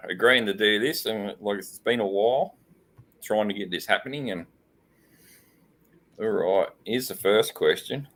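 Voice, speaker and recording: A man's voice: low voice, fairly bright tone. An Australian man hosting a casual live-stream chat, rambling with lots of fillers and frequent laughs. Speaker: host.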